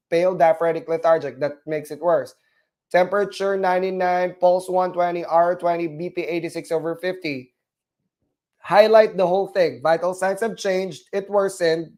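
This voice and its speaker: A man with a Filipino accent leads a live online nursing class in a fairly high voice. He repeats key points and keeps asking "all right?" to check the students are following. When he makes a mistake he apologizes and takes it back. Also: a little mellow. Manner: repetitive, checks in often with "all right?", apologetic about corrections. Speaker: nursing exam instructor. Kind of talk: live online class, walking through a case study.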